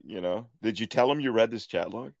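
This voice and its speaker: A man's voice: lowish voice, expressive, fairly quick, darkish tone, dry recording. A man hosting a casual interview, asking probing questions with hesitant fillers. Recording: dry, dull lo-fi audio.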